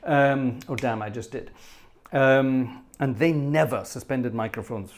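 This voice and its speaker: A man's voice: mid-range voice, measured pace. Chatty man in his fifties, rambling. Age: 50s. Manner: chatty, rambling, with wry asides. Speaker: livestream host and organist. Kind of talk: casual chat reading out viewer messages.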